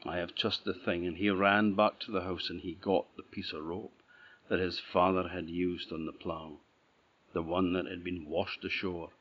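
A man from Orkney with an Orcadian Scottish accent, telling a folk tale in an unhurried, rhythmic way. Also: deep voice, flat delivery, slightly rough. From Orkney, Scotland. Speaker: storyteller. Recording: dull lo-fi recording.

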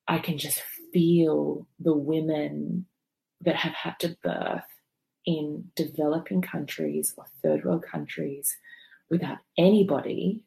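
A woman's voice: low voice, a little slow, creaky, dark tone. A woman being interviewed, telling a raw, emotional personal story, swearing freely and rambling with fillers. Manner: rambling with many fillers and restarts. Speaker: podcast guest telling her birth story.

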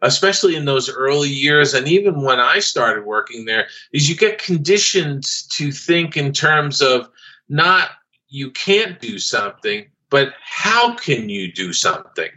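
A man with a bright, forceful voice tells a long story as a podcast guest. He often stops and restarts with plenty of fillers, and the recording sounds dull and lo-fi. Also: mid-range voice, big pitch swings. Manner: halting, with many fillers and restarts. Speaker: guest, former studio artist. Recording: dull lo-fi audio.

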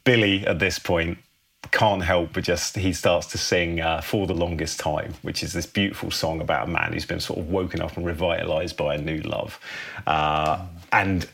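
Deep voiced guy on a podcast, chill, keeps saying man. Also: steady tone, normal speed, vocal fry, fairly bright tone, husky. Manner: laid-back, ends phrases with "man". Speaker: podcast host pitching a film story. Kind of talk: casual storytelling.

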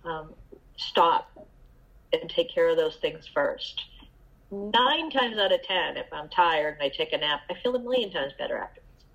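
A middle-aged woman giving a candid, halting personal share at a recovery meeting, with many fillers and restarts. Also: fairly low pitch, expressive, fairly bright tone, dull audio.

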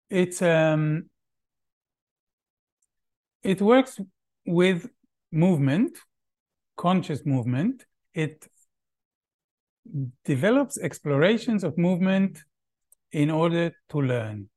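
A middle-aged man, a Hebrew speaker, answers interview questions on a podcast. He talks slowly and thoughtfully, stopping often to search for words. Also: a little high, a little mellow. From Israel. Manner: thoughtful, halting, with many pauses and fillers. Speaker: guest, Feldenkrais practitioner.

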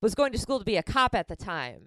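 A woman's voice: medium pitch, very animated, fast, bright, forceful tone, no echo. A woman in her late twenties casually telling a story on a podcast, swearing freely, laughing often and acting out the lines of the people in it. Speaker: comedian guest.

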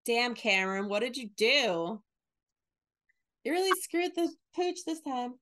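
A woman in her thirties from the northern United States, co-hosting a casual chat, animated and acting out quotes in exaggerated voices. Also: on the high side, a little slow. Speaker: podcast co-host.

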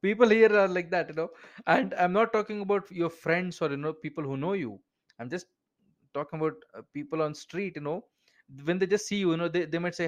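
A fairly quick, high-voiced man with an Indian English accent hosts a casual podcast interview. He's chatty, drops "you know" constantly, and laughs between points.

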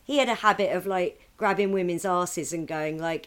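A woman co-hosting a podcast in casual chat, animated and swearing freely with frequent laughter. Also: on the low side, normal speed, smooth. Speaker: podcast co-host.

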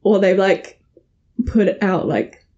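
A woman's voice: mid-range voice, slow, dark tone, muffled recording. A woman co-hosting a podcast, chatting casually about a film, laughing often and acting out quotes. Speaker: podcast co-host. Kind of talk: casual film recap chat.

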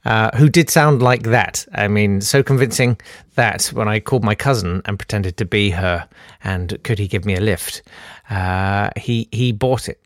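A man's voice: fairly low pitch, moderate pace, no echo, clean studio sound. A young man rambling through comic anecdotes, often interrupting himself and laughing at his own stories. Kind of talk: anecdotal storytelling.

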